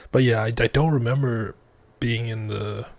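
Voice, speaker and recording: Rambling gravelly-voiced man reacting. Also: mid-range voice, fairly even intonation, unhurried, a little mellow, no echo, studio quality. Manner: rambling, thinking aloud with many fillers and laughs. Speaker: vtuber reacting to a video. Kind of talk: casual reaction commentary.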